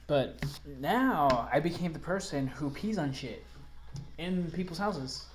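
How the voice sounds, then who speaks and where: A man's voice: fairly high pitch, lively intonation, slow pace. A man co-hosting a podcast, talking casually in a rambling, profane way full of fillers and restarts. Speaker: podcast co-host. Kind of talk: casual chat.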